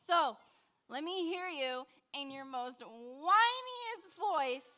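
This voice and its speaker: Playful high-voiced woman helper. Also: animated, drawn-out words, pushed and bright. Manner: playful, sassy banter. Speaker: children's ministry helper.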